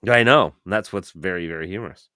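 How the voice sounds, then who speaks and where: A man's voice: low-pitched, fast, bright, forceful tone, clean tone, no room sound. A man co-hosting a casual podcast chat, dry and laid-back.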